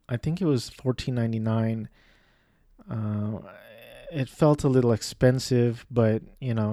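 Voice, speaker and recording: A man's voice: medium pitch, mellow, no room sound, clean studio sound. A young man talking casually on his own, rambling through a list of video games with many ums and restarts, joking at his own expense. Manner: rambling, self-deprecating, many fillers and restarts. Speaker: video game vlogger. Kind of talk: casual monologue listing games.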